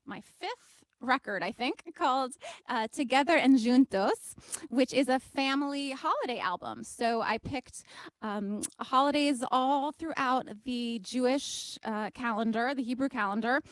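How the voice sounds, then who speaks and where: A woman, a singer-songwriter, chatting lively about her music as she introduces a song at an online event. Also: high-pitched, measured pace, no echo. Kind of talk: casual talk introducing a song.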